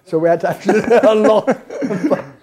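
A man's voice: high voice, normal speed, dark tone, husky. A man telling stories on stage as a keynote guest, laughing often as he goes. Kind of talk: anecdotal storytelling on stage. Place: event hall on stage.

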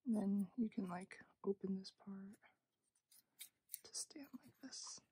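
A young woman gushes her way through an unboxing, gasping and dropping into half-whispers. Her voice is slow, with a gravelly, husky edge, and it sounds close and dry. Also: medium pitch, dry recording. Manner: gushing, frequent gasps and soft half-whispers. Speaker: unboxing vlogger. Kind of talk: casual unboxing commentary.

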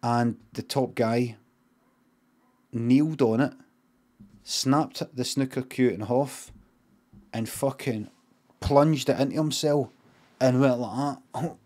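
A middle-aged Scottish man improvising a comic story, rambling and deadpan, swearing freely and drifting off on tangents. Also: medium pitch, slow pace, long pauses. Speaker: streamer.

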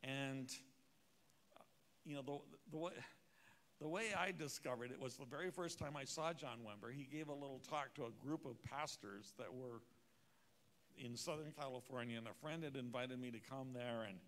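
A man's voice: medium pitch, moderate pace, a bit bright. A man preaching at a church conference, telling a personal story with wry, self-mocking humor. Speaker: conference speaker. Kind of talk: storytelling sermon.

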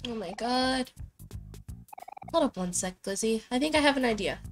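A woman's voice: fairly high pitch, lively intonation, moderate pace. A young woman streaming a game, joking to herself and reading dialogue aloud. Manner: playful, joking asides to herself. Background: faint game music.

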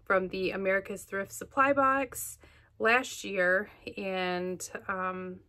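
A woman's voice: medium pitch, fairly even intonation, slow, bright, forceful tone. A woman showing off her things in a casual, gushing vlog chat, full of fillers, recorded at home. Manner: chatty, gushing, many fillers. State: out of breath. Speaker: vlogger. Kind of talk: casual show-and-tell chat.

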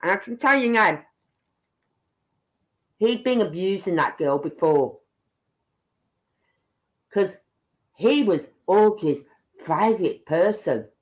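Brief: woman, angry reaction commentator, slow and blunt, swears when heated. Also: lowish voice, animated, low-quality recording. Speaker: online commentator.

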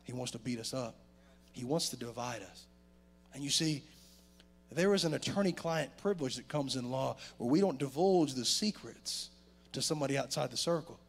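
Gravelly man preaching with lively swings. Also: medium pitch, moderate pace. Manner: animated preaching with sudden loud rises and quiet drops. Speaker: pastor. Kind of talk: sermon. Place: church sanctuary.

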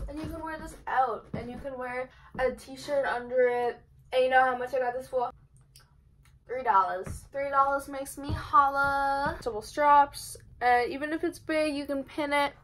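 A young woman chatting casually through a clothing try-on haul, bubbly and rambling, talking fast. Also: high voice, a bit bright, slight background noise, low-quality recording. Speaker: fashion vlogger.

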